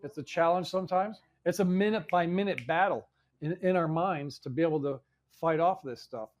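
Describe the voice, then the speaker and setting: A man's voice: on the high side, brisk. A man hosting a live in-person event, talking casually in a rambling way, repeating words and swearing now and then. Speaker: show host. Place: indoor venue in front of an audience.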